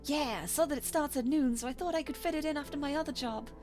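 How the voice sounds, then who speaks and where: A woman plays a friendly, easygoing young male bird in a visual novel reading. His voice sits higher and upbeat. Faint music plays underneath. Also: fast talker, a little mellow, lightly acted.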